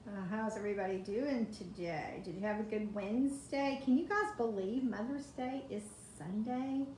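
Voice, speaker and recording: A woman's voice: medium pitch, normal speed, a little mellow, slight background noise. A woman chatting through a live craft demonstration, greeting viewers by name from her home kitchen. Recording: echoey kitchen, faint ambience.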